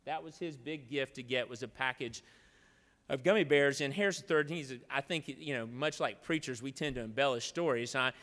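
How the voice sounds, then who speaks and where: A man's voice: medium pitch, fairly quick, a bit bright. A man preaching a devotional in a legislative chamber, telling a folksy, rambling story and then leading a solemn prayer. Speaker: preacher giving the opening devotional. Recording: long reverb of a large chamber.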